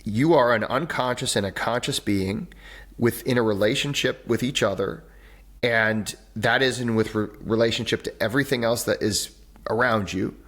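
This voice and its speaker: A breathwork teacher and author joins a podcast over a video call for a conversational interview. He explains things energetically, acts out little voices, and frequently restarts sentences. His pitch is medium and his speed normal.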